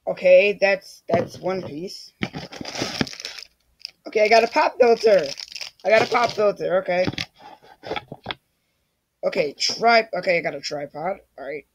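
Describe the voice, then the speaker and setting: A man's voice: high-pitched, unhurried, long pauses, noisy background. A man casually vlogging an unboxing, rambling and restarting his sentences as he talks to himself, his voice cracking now and then. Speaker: YouTuber.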